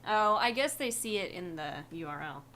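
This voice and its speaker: A woman's voice: mid-range voice, animated, moderate pace, pushed and bright, slight background noise. A woman co-hosting a livestream, chatting casually, laughing often and restarting her sentences. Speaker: livestream co-host. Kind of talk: casual chat.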